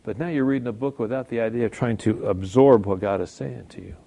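A man's voice: medium pitch, fast talker, creaky, dark tone. Man preaching in a conversational way. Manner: conversational preaching, rhetorical check-ins. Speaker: pastor. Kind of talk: sermon.

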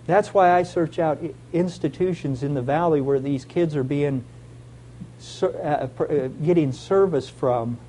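A man's voice: fairly high pitch, measured pace, dark tone, a little hiss or hum, rough recording. A man giving an earnest, heartfelt sermon with a personal testimony. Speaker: lay preacher.

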